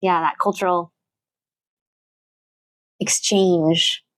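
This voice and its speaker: A woman's voice: lowish voice, steady tone, very slow, a bit bright, no echo. A woman who teaches literature, chatting thoughtfully in an interview with plenty of fillers and restarts. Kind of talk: casual interview talk.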